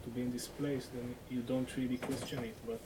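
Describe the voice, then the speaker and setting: A man's voice: medium pitch, little pitch movement. A man from the audience sharing a personal experience with his teacher. He talks hesitantly and keeps stopping and restarting. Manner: hesitant, full of restarts, halting. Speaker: questioner from the audience. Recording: distant mic with noticeable background noise.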